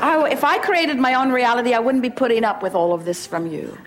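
A woman's voice: a little high, a little fast. A middle-aged woman giving an emphatic inspirational talk to a gathering, acting out little dialogues to make her points. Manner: emphatic, playful, acts out dialogues. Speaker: spiritual teacher.

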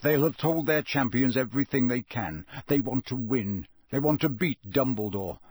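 A man voicing a gruff, blunt old male wizard in an audiobook reading, growling his lines in a husky voice. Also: mid-range voice, moderate pace, darkish tone, dry recording, studio quality, lightly acted.

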